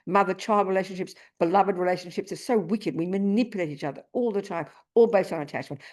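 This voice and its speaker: A woman's voice: medium pitch, darkish tone. A woman teaching as a Buddhist nun in a Dharma talk, emphatic, repeating her key points and asking the listeners rhetorical questions. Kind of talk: Dharma talk to a live group.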